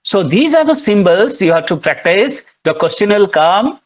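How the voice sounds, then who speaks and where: A man giving a classroom lecture, explaining slowly and repeating words as he goes. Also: high voice, sing-song. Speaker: literature lecturer. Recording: muffled lo-fi recording.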